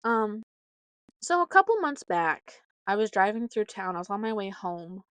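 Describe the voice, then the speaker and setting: A young woman from Nebraska hosting a podcast, telling rambling stories in a chatty, casual way with lots of fillers and animated quoted voices. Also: medium pitch, moderate pace, no echo. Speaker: podcast host. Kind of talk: casual storytelling monologue.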